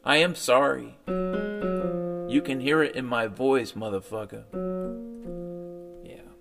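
A man's voice: mid-range voice, slow pace, creaky. A man ranting in a sardonic, profane monologue as a podcast host, mocking what others tell him. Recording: faint piano music behind.

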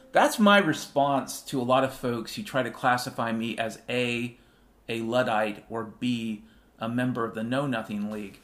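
A man's voice: medium pitch, moderate pace, a bit bright, soft background music. A man in his fifties hosting a rambling solo monologue, irreverent and profane, sometimes drifting into half-sung refrains. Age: 50s. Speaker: show host.

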